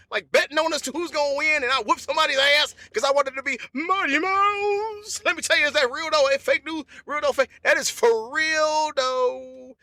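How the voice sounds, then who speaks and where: A man hosting a comedy podcast, talking in a loose, animated monologue. He repeats phrases and breaks into laughter. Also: very high-pitched, no room sound.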